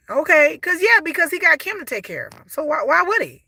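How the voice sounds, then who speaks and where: Blunt, high-voiced woman reviewer. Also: very animated, a little fast, hardly any pauses, bright, forceful tone, no echo. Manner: blunt, exasperated, swears freely. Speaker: reality TV reviewer. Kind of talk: casual commentary.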